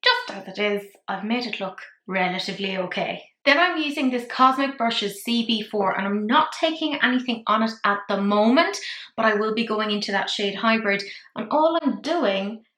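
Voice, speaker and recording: A woman's voice: a little high, animated, moderate pace, a bit bright, echoey room. A woman with an Irish accent, chatting her way through a makeup tutorial in a rambling, self-deprecating manner. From Ireland. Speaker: makeup vlogger.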